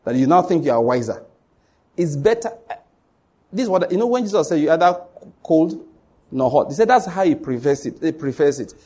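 A Nigerian man preaching in church, his voice husky and pitched a little high. He drives each point home by repeating it and speaks straight to the congregation. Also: lively intonation, fairly quick, mellow. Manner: emphatic, repetitive preaching that addresses the congregation directly. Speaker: pastor. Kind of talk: sermon.

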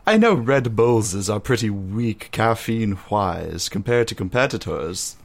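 A man's voice: on the low side, measured pace, creaky. A man co-hosting a casual group chat, reading out comments and laughing often. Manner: animated, laughing often, reads comments aloud. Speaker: co-host reading chat messages.

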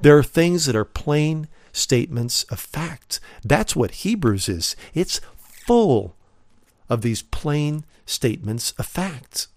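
A man's voice: on the high side, animated, slow pace, a little mellow, dry recording, clean studio sound. A man preaching a sermon, earnest and emphatic, calling listeners friends and asking rhetorical questions while drawing out key words. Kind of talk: sermon teaching.

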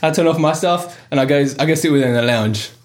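A young man on a casual podcast, telling an animated story and laughing often. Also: fairly high pitch, fast, heavy background noise. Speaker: podcast host. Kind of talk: casual chat.

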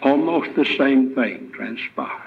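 Male guest preacher, sermon, unhurried, rough gravelly tone, tinny lo-fi sound. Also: medium pitch, expressive, a little hiss or hum. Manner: slow, emphatic preaching with rhetorical questions. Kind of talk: sermon retelling scripture. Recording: tinny, phone-like lo-fi recording.

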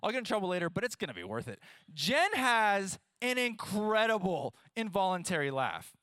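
Animated guy preaching, bright voice, dry close sound, jokes with the crowd. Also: high-pitched, moderate pace, clean tone, no echo. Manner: animated, playful, talks straight to the audience. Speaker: pastor. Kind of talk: sermon.

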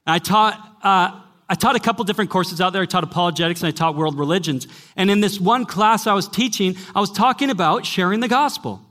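A man's voice: high voice, fast talker, fairly bright tone. A man preaching to a young adults gathering at church, telling stories emphatically and often saying "listen". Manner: emphatic storytelling, repeating "listen". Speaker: pastor and former college teacher. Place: church gathering before a live audience.

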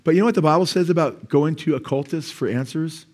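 A man's voice: on the high side, quick pace, darkish tone. Conversational man preaching a sermon. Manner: conversational, with quoted asides and frequent "amen". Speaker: pastor. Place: church.

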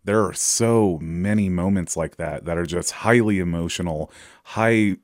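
A man's voice: low-pitched, moderate pace, no room sound, studio quality. A man chatting casually on a podcast, telling stories full of ums and uhs. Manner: storytelling with many fillers. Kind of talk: casual chat.

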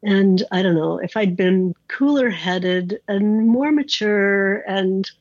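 A woman's voice: mid-range voice, takes it slowly, a little mellow, no room sound, lo-fi sound. A woman being interviewed, recounting a personal story in a candid, conversational way, with many "like"s and restarts.

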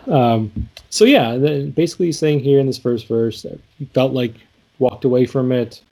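A man's voice: medium pitch, moderate pace, vocal fry, warm tone. A man co-hosting a casual chat, thoughtfully walking through song lyrics with many fillers and restarts. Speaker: podcast co-host discussing song lyrics.

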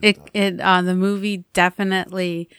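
A young woman with a slightly low voice chats about a film, teasing her co-host. She sounds relaxed and talkative, recorded close and dry. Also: normal speed, smooth, dry recording. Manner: teasing, chatty, laughs often. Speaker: podcast co-host. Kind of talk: casual movie review chat.

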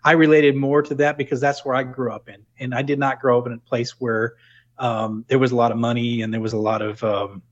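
A middle-aged man from New England talks through his working life in a relaxed, reflective interview, circling back on his phrases with restarts and "you know" fillers. His voice sits at an ordinary pitch, and the recording sounds a little muffled and lo-fi. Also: brisk. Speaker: guest, former corporate plant manager. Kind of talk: conversational interview.

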